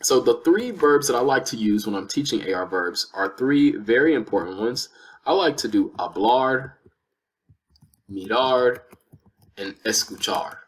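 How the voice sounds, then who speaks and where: A man's voice: medium pitch, animated, unhurried. A man teaching a lesson, explaining step by step with patient repeated examples. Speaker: Spanish teacher. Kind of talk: lesson explaining verb conjugation.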